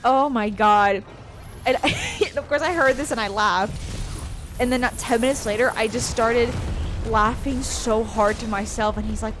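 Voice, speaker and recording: A woman's voice: on the high side, moderate pace, fairly bright tone, faint music behind. A woman co-hosting a let's play, telling a long rambling story in casual chat while gaming. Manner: rambling storyteller, heavy use of "like". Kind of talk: casual chat over gameplay.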